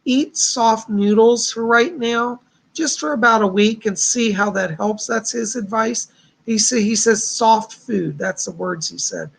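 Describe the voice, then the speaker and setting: Gravelly, chatty male psychic host. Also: high voice, unhurried, a bit bright. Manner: chatty, reassuring, upbeat. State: strained voice. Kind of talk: casual live-stream psychic readings.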